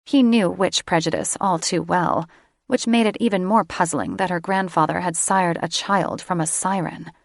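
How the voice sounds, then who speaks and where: A woman narrates a romance audiobook in a measured, unhurried read with a soft, sensual touch. Her voice sits low with a gravelly grain, recorded close and dry. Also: no echo.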